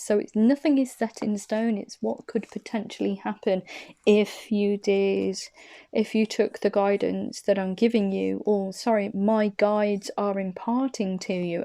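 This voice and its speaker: Woman, tarot reader, casual chat to camera, rambling, laughs a lot, husky-rough voice, warm tone. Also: medium pitch. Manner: rambling and chatty, laughs often, self-correcting.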